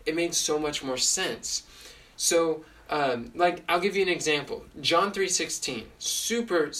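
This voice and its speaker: Earnest man, slightly high voice. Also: fairly bright tone, recorded from a distance. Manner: earnest, quick, with many fillers and restarts. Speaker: podcast host and Bible teacher. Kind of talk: casual teaching podcast.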